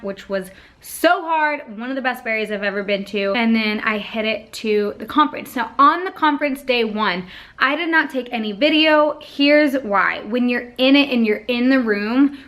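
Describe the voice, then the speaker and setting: A woman's voice: fairly high pitch, fairly bright tone. A young adult woman vlogger telling her trip story in a casual voice-over, chatty and full of fillers.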